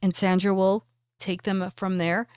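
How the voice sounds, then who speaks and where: A woman's voice: mid-range voice, level tone, a little slow, darkish tone, smooth, no echo, clean studio sound. Casual woman game master. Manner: casual and chatty, with fillers. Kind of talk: narrating a tabletop game.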